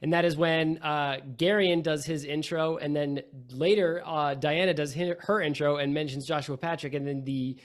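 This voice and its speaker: Upbeat higher-voiced man hosting. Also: fairly even intonation, normal speed, hardly any pauses. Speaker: game master and host. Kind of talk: casual podcast chat.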